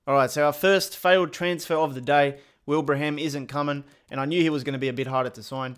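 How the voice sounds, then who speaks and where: Chatty man with a smooth, clear voice. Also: fairly high pitch, steady tone, quick pace, few pauses, fairly bright tone. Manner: casual, joking, chatty. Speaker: gaming youtuber. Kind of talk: gameplay commentary.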